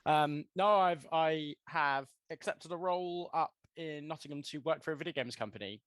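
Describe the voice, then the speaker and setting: A man's voice: a little high, moderate pace, a bit bright, clear, resonant tone, dry recording. English man, rambling and chatty, dry close mic. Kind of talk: casual group chat.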